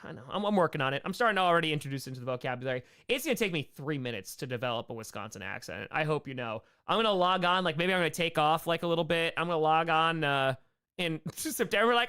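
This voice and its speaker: A young man hosting a loose live-stream Q&A, joking and rambling between chat questions. His voice sits a little high and comes through smooth and clear. He talks in quick asides. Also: animated, bright, forceful tone.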